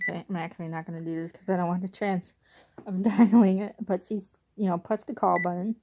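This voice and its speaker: A woman's voice: on the low side, steady tone, a little fast, dark tone. Young woman telling a rambling story. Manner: rambling, conversational, wistful at times. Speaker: vlogger. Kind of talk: casual storytelling.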